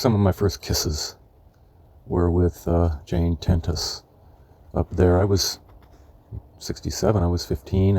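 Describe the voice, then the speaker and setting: A man in his seventies from California, telling rambling memories of his youth, halting often as he searches for names. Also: deep voice, dark tone. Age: 70s. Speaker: memoirist. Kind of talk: reminiscing memoir narration.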